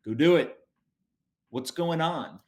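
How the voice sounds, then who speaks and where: A man's voice: fairly high pitch, takes it slowly, a little mellow. A man hosting a podcast, bantering and joking energetically in casual chat and reading a sponsor spot. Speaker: podcast host.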